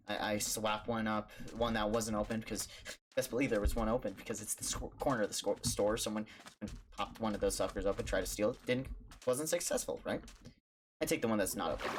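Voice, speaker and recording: Young man, streamer, casual storytelling, animated, keyboard clicks in background. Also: fast, a little hiss or hum. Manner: animated, jumps into high voices for other people.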